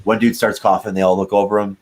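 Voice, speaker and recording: A man's voice: fairly low pitch, little pitch movement, racing, rough recording. A young man chatting casually as a podcast host, rambling and swearing often with frequent laughs. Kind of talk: casual chat.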